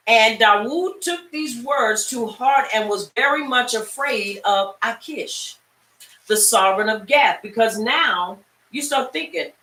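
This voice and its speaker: Bright-voiced woman teaching scripture. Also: a little high, slow. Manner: lively storyteller, talks straight to the class. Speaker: Bible class teacher. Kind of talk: animated Bible-study teaching. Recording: echoey room, far from mic.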